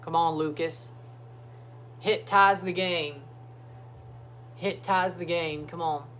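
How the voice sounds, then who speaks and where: A man hosting a casual sports watchalong livestream from his phone, talking loosely and breaking into excited chants for players. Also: a little high, takes it slowly, slight background noise. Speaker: livestream host. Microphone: phone streaming app.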